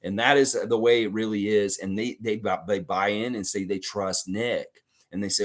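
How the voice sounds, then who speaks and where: A man's voice: fairly low pitch, expressive, fairly quick, few pauses. A man hosting a casual basketball fan livestream, reading viewer comments aloud and acting out the people he quotes. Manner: talkative, acts out quoted people. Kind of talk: casual sports talk reacting to chat.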